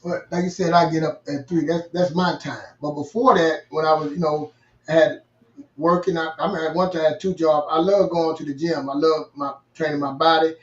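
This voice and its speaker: A man's voice: on the high side, steady tone, a little fast. A man, an earnest co-host talking casually and repeating himself as he goes. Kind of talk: casual conversational talk. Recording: distant, roomy, dull remote audio.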